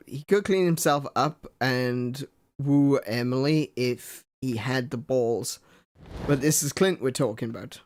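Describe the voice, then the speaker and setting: A man's voice: medium pitch, a little hiss or hum. A young man chatting casually and joking as he plays a farming game with a guest, laughing often and thinking aloud. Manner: joking, chuckly, thinks aloud while playing. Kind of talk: casual gameplay chat.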